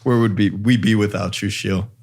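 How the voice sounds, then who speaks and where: A man's voice: on the low side, fairly even intonation, moderate pace, a little mellow. A man co-hosting a talk show, teasing and bantering with the others. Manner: joking banter. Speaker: podcast co-host. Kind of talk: casual chat.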